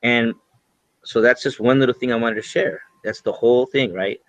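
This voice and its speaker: A man's voice: mid-range voice, steady tone, moderate pace, fairly bright tone. A man joining a webinar over a call, chatting casually in a coaching tone. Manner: conversational, coaching tone. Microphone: online call. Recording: dull lo-fi call audio.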